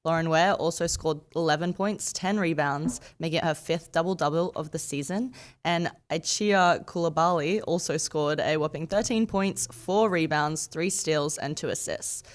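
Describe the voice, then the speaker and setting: A woman with a lowish voice delivering a radio sports news segment. She reads off scores and statistics in a brisk, steady rundown. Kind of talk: reading sports results on radio.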